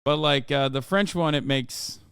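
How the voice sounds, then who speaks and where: Man in his 30s, Turkish native, streamer; sarcastic, animated profane commentary, smooth clear tone. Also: a little high, a little slow, no room sound, clean studio sound. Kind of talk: casual livestream reaction commentary.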